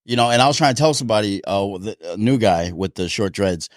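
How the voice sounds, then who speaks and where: A man's voice: on the low side, quick pace, dry recording, clean studio sound. A man co-hosting a casual talk show, telling sparring stories with frequent laughter. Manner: laughing storyteller, animated. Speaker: podcast co-host, boxer. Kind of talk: casual chat.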